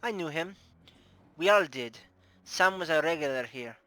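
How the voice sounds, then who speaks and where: A man plays a middle-aged brothel madam for a tabletop game, shrewd and playful, gracious, running her house with formal, teasing grace in a fake Russian accent. He pushes his voice up fairly high, bright and expressive, at a moderate pace; the low-quality recording has no echo.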